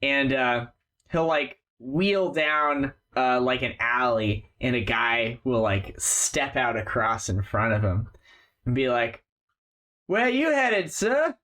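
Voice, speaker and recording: A man's voice: mid-range voice, fairly even intonation, slow pace, bright, forceful tone. A man narrating a tabletop game as game master, rambling with many fillers.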